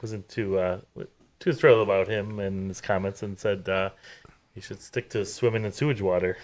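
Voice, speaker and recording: A man with a lowish voice co-hosts a relaxed chat. He speaks quietly in a low-key, deadpan way. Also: moderate pace. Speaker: co-host. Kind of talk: casual banter.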